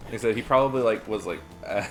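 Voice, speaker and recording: A man's voice: fairly low pitch, quick pace, fairly bright tone, soft background music. A young man chatting casually while streaming a game, telling rambling stories and laughing often. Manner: rambling anecdotes, frequent laughter.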